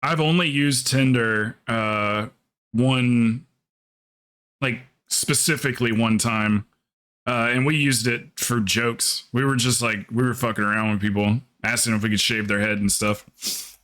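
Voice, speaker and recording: A man's voice: mid-range voice, fairly even intonation, a little slow, fairly bright tone. Male game streamer, mid-range voice, casual chatter full of jokes and swearing. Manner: rambling, joking, swears freely. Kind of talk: casual live-stream chat.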